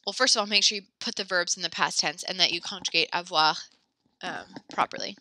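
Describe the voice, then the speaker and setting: A woman's voice: on the low side, fairly quick, bright, forceful tone, no echo. Pregnant woman teacher, slightly breathless. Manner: patient, encouraging, mixing English and French. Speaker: French teacher. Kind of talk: online class instruction.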